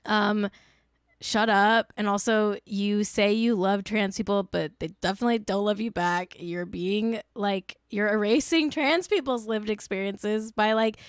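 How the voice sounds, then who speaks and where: A young woman hosts a casual commentary show and rants in a blunt, exasperated way, swearing freely. Her voice sits at an ordinary middle pitch for a woman. The recording is dry and close, with almost no room sound. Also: steady tone, unhurried, clear, resonant tone, no room sound. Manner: blunt, profane, exasperated ranting. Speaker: podcast host.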